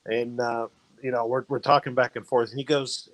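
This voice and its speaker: A man's voice: mid-range voice, little pitch movement, normal speed, a bit bright, low-quality recording. A man on a video call telling a long, rambling story from his college years, full of fillers and restarts. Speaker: fraternity brother sharing memories. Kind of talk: casual storytelling.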